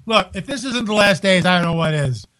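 A man hosting a live talk radio show from home, incredulous and animated, restarting his sentences often. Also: high voice, a little fast, poor audio.

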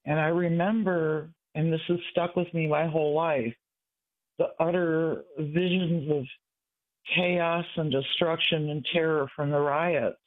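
Casting: older male caller from Michigan, earnest and rambling, slightly high voice, phone-line sound. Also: steady tone, a little slow. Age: 60s. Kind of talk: call-in radio talk.

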